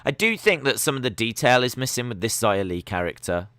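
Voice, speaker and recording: A man's voice: medium pitch, sing-song, fairly quick, pushed and bright, dry recording. A young man hosting a live stream watch-along, giving chatty, sarcastic, opinionated commentary.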